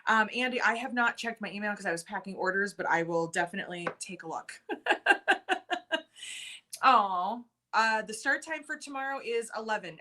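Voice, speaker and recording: A woman's voice: mid-range voice, sharp tone. A young adult woman hosting a casual live stream, chatting with viewers, reading their comments aloud and laughing often. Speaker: livestream host.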